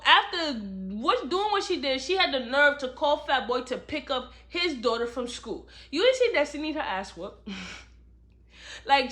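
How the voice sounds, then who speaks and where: A woman giving a casual book review, retelling the plot in an animated way and acting out the characters' lines, recorded at home. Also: high-pitched.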